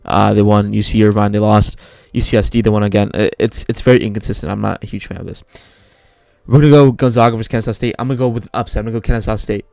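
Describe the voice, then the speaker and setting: A man's voice: lowish voice, steady tone, fast, gravelly, darkish tone, dry recording. A young man casually talking through his bracket picks, rambling and often correcting himself. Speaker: sports video creator.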